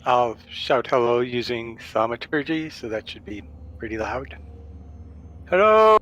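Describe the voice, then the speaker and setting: A man's voice: medium pitch, normal speed, rough recording. A man playing a tabletop game, speaking plainly and matter-of-factly. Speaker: player. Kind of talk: casual tabletop game play.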